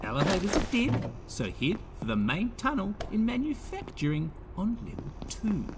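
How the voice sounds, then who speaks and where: A jittery grumbling office worker. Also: male voice, sits high, wildly swooping pitch, normal speed, a crowd in the background. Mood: anxious. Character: nervous male office worker NPC.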